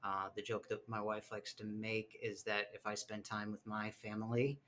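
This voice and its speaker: A man's voice: fairly low pitch, completely flat delivery, fairly bright tone, slight background noise. A man from Massachusetts with a faint Boston accent, answering reflectively and hesitantly as a teacher in an interview. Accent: Boston, mostly tamped down. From Medford, Massachusetts. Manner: hesitant, with many pauses.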